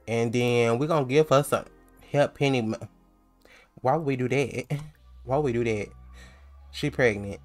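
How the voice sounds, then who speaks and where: Brief: slangy, chatty male let's-player, middle pitch, soft background music. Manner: chatty, slangy, laughs easily. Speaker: let's play host. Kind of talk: casual game commentary.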